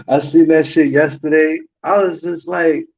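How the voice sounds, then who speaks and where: A man's voice: on the high side, gravelly, a little mellow. A man hosting a livestream, ranting heatedly and profanely with repeated rhetorical questions. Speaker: livestream host. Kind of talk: livestream commentary rant. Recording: dull lo-fi stream audio.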